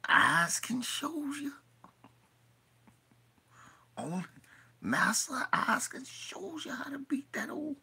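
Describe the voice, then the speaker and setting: A man voicing a scheming man who coaches a fighter, in a hushed, conspiratorial whispered role-play. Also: very high voice, huge pitch swings, takes it slowly, vocal fry, long pauses, husky, voice pushed up, heavily acted.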